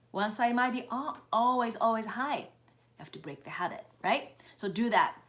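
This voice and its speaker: A woman teaching face exercises in a live-streamed lesson, coaching viewers step by step and checking in that they are following along. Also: mid-range voice. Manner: demonstrates and counts out steps slowly. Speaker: face yoga instructor.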